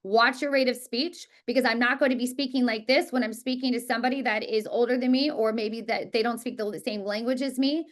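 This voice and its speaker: A woman teaching a real estate class, talking quickly and emphatically and repeating words for stress. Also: on the high side, steady tone. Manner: talks quickly. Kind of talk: live class presentation.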